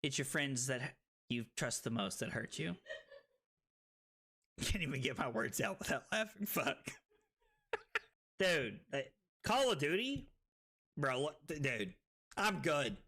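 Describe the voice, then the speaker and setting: A man streaming a card game, tipsy from drinking, who breaks into loud excited outbursts and giggly laughter. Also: fairly high pitch, slow, long pauses, husky. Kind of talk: live stream gameplay commentary.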